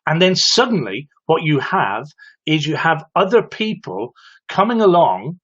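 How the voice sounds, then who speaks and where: A man's voice: fairly high pitch, very animated, unhurried, fairly bright tone, lo-fi sound. A man hosting a live-streamed advice talk, explaining patiently and turning to his viewers with "okay?" and direct questions. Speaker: host of a live show for electricians.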